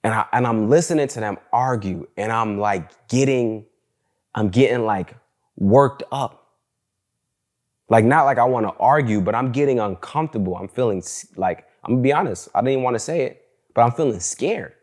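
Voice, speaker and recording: A man's voice: medium pitch, moderate pace, darkish tone. A young man hosting a solo podcast, talking casually and candidly in slangy storytelling, with "bro" and "like" all through his speech. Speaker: podcast host.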